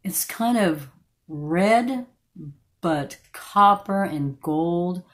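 A woman with a slightly croaky voice from allergies, chatting casually through a makeup tutorial and stopping now and then to correct herself. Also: fairly low pitch, lively intonation, very slow. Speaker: beauty vlogger.

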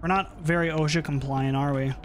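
A young man casually chatting and swearing while streaming a horror game, reacting loudly when frustrated. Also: fairly high pitch, steady tone, brisk, a little hiss or hum. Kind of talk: casual gaming stream chat.

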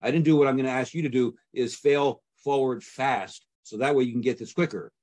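A man's voice: mid-range voice, a little fast, darkish tone. A man teaching how to handle real estate sales calls in a casual, conversational way, often acting out both sides of a call. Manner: conversational, acts out sales calls with repeated fillers. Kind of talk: instructional talk.

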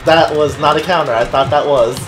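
A man's voice: a little high, fairly even intonation, brisk. A young man playing a wrestling game, complaining and laughing as he loses. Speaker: co-op gamer. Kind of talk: excited co-op gameplay chatter.

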